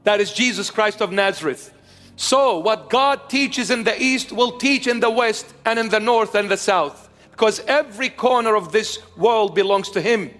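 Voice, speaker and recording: A man's voice: high voice, normal speed, fairly bright tone, in a large hall, soft background music. A man in his fifties delivering an emphatic sermon, repeating his key phrases. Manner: emphatic, repetitive preaching. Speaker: preacher.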